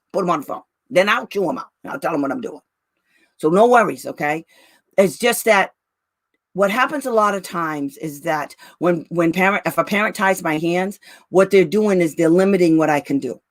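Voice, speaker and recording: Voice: mid-range voice, animated, moderate pace, no room sound, studio quality. A special education advocate in casual livestream talk with parents, blunt and brash, laughing often and calling listeners "girl" and "honey".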